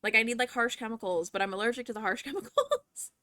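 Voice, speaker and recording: A woman's voice: fairly high pitch, big pitch swings, fast, bright, forceful tone, no room sound, clean studio sound. A young woman hosting a livestream at home, chatting and ranting casually with frequent swearing, a little out of breath. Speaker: livestream host. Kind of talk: casual chat to viewers.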